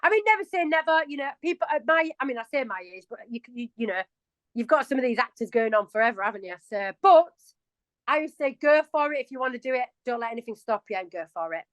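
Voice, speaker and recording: Chatty Yorkshire woman, high and dry. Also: lively intonation, quick pace, fairly bright tone, no room sound, rough recording. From England. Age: 40s. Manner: chatty and self-mocking, laughs often. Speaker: interview guest. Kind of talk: casual interview chat.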